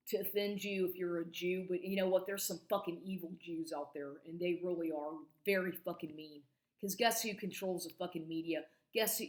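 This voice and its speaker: A woman in her forties giving an agitated monologue to camera, swearing constantly and stumbling over restarts. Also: on the low side. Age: 40s. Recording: echoey room recording.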